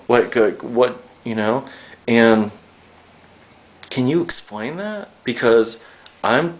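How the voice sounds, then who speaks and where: A man's voice: mid-range voice, lively intonation, takes it slowly, long pauses. A young man interviewing a guest, rambling, joking and swearing freely as he gets emotional.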